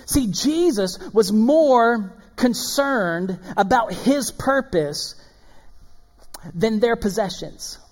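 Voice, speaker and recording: A man preaching a sermon as pastor, animated and swinging between loud emphasis and hushed asides. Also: high-pitched, extremely slow. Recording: long hall reverb.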